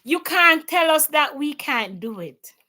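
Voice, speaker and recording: A woman's voice: high voice, very animated, unhurried, pushed and bright. A Jamaican woman living in Canada, hosting a casual opinion chat and mixing patois into her English with plenty of emphasis. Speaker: livestream host. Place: home in Canada.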